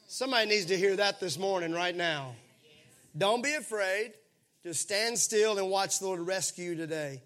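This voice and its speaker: A man preaching a sermon, animated and calling on the congregation to answer back. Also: sits high, normal speed. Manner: animated, calls for congregation responses. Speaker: pastor.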